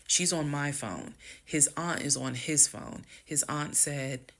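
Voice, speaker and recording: A woman casually telling her own story to viewers, emphatic and at times fast and loud when she gets heated. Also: low voice. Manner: addresses viewers as "y'all". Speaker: storyteller recounting her marriage.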